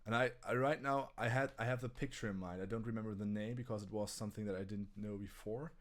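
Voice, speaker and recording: A man's voice: fairly low pitch, steady tone, quick pace. A man with a German accent co-hosting a casual live stream about guitar gear, talking with many restarts and stammers. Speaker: co-host.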